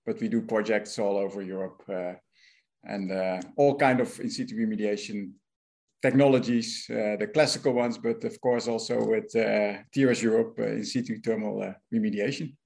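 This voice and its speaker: Middle-aged Dutch-accented man, company director guest, halting and hesitant explanations. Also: fairly low pitch, steady tone, gravelly, a little mellow. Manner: halting, many uh fillers, technical explaining. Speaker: guest, managing director of a remediation firm. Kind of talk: interview answers.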